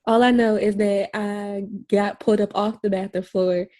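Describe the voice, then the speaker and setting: A woman's voice: mid-range voice, level tone, normal speed, dark tone. A woman co-hosting a podcast, talking in slangy casual chat with emphatic remarks. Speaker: podcast co-host.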